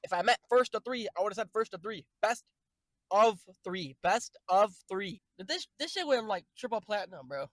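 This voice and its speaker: High-voiced young man rambling jokily. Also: very animated, fairly quick, few pauses, dry recording, rough recording. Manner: jokey, rambling, profane, sudden loud outbursts. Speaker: streamer. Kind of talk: casual rambling stream chat.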